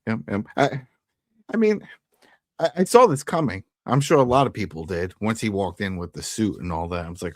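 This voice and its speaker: A man co-hosting a casual TV recap, his pitch swinging widely as he jokes and acts out the characters' lines. The sound is dry and close to the mic. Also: very animated, a little fast, no room sound. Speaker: podcast co-host.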